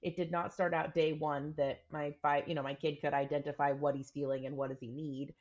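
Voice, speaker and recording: A woman's voice: low-pitched, little pitch movement, a little fast, darkish tone. A woman co-hosting a podcast, talking things through earnestly in casual chat and often acting out quoted examples. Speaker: podcast co-host. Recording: dull lo-fi recording.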